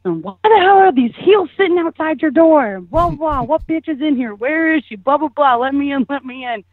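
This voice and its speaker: A woman doing a furious, jealous young bodybuilder who shrieks her demands, pitched high and pushed loud. It comes through a thin, tinny phone line. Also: expressive, fairly quick, no room sound.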